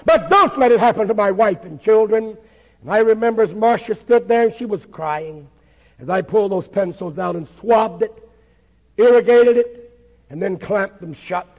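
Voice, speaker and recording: A man's voice: high-pitched, darkish tone, in a large hall, poor audio. A man, a pastor, giving an impassioned testimony sermon with dramatic storytelling.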